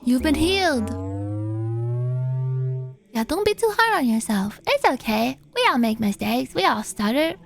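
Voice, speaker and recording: Brief: woman streamer, high voice, playful and animated, casually swearing while reading viewer posts. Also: normal speed, gravelly, hardly any pauses. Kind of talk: casual livestream chat, reading viewer submissions.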